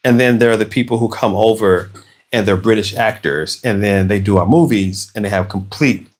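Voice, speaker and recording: Laid-back Southern American man chatting. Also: fairly low pitch. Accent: American Southern, Arkansas. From Arkansas, USA. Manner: rambling, conversational, with many restarts. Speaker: livestream host. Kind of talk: casual live chat while crafting. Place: home, crafting.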